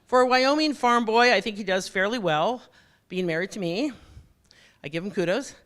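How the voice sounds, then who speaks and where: A woman giving a motivational keynote talk. She speaks straight to the audience, with a jokey, animated delivery. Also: medium pitch, normal speed.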